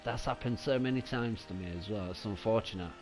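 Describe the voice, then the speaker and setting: A man giving casual, excitable live commentary while streaming a video game. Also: on the low side, a little fast, faint music behind.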